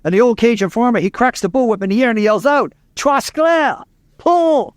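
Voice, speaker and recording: A speaking coach from Louisiana tells stories in an interview, emphatic and repeating key lines. His high-pitched voice comes rapid-fire, in a dry recording with clean studio sound.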